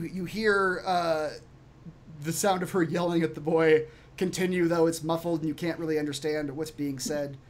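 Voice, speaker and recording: Relaxed man narrating as game master. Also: a little high. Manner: relaxed, with frequent fillers and laughs.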